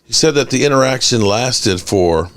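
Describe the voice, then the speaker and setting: A man hosting a casual sports fan livestream. He reads chat aloud and rants with animated energy. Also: mid-range voice, moderate pace. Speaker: host of a sports fan channel.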